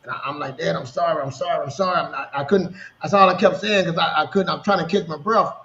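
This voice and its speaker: A man in his thirties telling personal stories in a casual podcast conversation, animated and full of restarts. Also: fairly high pitch, fast talker. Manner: storytelling, animated, repeats words and restarts. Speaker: podcast co-host. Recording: roomy, dull lo-fi sound.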